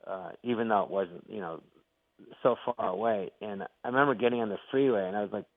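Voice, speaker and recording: A middle-aged man who acts and does comedy joins a casual interview as a guest, telling lively stories and playing out the quotes. His voice is lowish and a little fast. The recording is a dry, tinny phone line.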